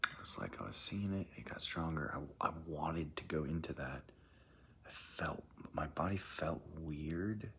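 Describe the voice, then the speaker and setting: A man's voice: very deep voice, expressive, measured pace, fairly bright tone, a little hiss or hum. A man telling a strange personal experience in a rambling, hesitant way, often dropping into a whisper. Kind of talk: casual first-person account.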